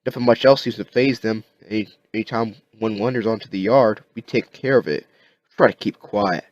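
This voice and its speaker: A man voicing a calm, plain-spoken rural father who shelters his son, talking in a folksy way. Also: on the low side, brisk, no echo, muffled recording, pitched above the performer's own voice, close to an everyday voice.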